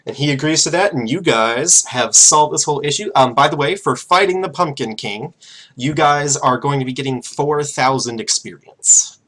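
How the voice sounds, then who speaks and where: A man's voice: mid-range voice, moderate pace, fairly bright tone. Casual male game master narrating. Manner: casual, filler-heavy narration.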